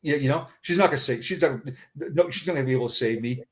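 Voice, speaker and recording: A middle-aged man, a retired police officer, telling a personal story in conversation, halting and often repeating words. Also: medium pitch.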